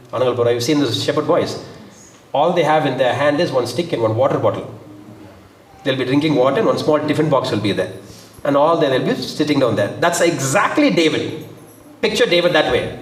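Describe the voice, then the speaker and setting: A man, preaching an animated sermon and voicing the quoted lines with a raised pitch. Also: a little fast. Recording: echoey, from a distance.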